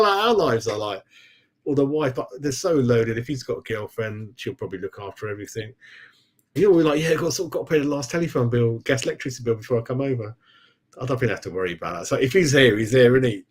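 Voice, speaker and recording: Chatty man rambling to viewers. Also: mid-range voice. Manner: rambling, chatty, laughs often, calls viewers mate. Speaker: football fan channel host. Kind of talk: casual live-stream chat.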